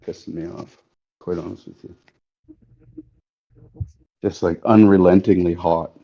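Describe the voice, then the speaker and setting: A man's voice: low-pitched, steady tone, a little slow, gravelly. A man streaming live while he hammers metal, chatting casually and joking as he works. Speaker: bladesmith streamer. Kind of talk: casual livestream chat while working. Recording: dull lo-fi stream audio.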